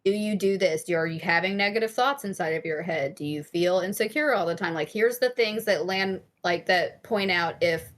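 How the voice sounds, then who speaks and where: A woman with a lowish voice talks at a normal speed with few pauses as a guest on a relaxed podcast interview. She's a therapist and life coach who speaks frankly and candidly, swears casually now and then, and uses lots of fillers while explaining her ideas.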